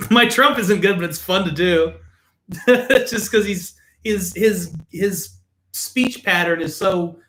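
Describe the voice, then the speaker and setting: A man's voice: sits high, slow pace, a bit bright. A man hosting a casual drink-tasting chat, joking and swearing freely. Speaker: host.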